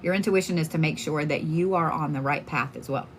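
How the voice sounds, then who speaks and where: Soft music plays behind this woman's low-sitting, fairly quick voice. A tarot reader from Oklahoma, she chats casually on a livestream, telling blunt, foul-mouthed stories full of fillers.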